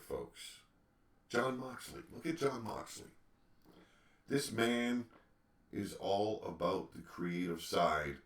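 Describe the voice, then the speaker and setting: A man's voice: low voice, fairly bright tone. A man hosting a solo opinion podcast, ranting with emphatic rhetorical questions. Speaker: podcast host. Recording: echoey room, distant mic.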